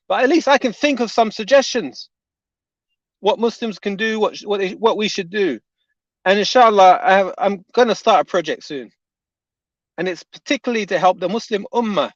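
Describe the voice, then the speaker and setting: A man's voice: high voice, no echo. A man delivering a heated, indignant reaction rant as an online commentator, often repeating his points. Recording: dull, dry lo-fi audio.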